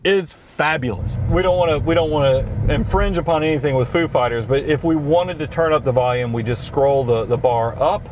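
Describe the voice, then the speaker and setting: A man's voice: on the high side, a little fast, few pauses, noisy background. A middle-aged man with a Southern US accent, talking through features in casual, enthusiastic car review chat, recorded inside a car. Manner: enthusiastic, explanatory. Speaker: podcast co-host.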